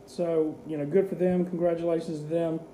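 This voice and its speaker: Male co-host, slightly higher pitch, very warm dark tone, echoey room; loose, chatty game recaps. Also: level tone, a little fast, a little hiss or hum. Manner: chatty, rambling recaps with many fillers. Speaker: sports talk co-host. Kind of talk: casual radio sports chat.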